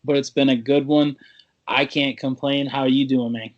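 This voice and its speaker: A man's voice: mid-range voice, flat delivery, normal speed, dull audio. A man co-hosting a casual talk show, trading playful insults with his partner. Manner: playful trash-talking banter. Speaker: podcast co-host. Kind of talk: casual chat.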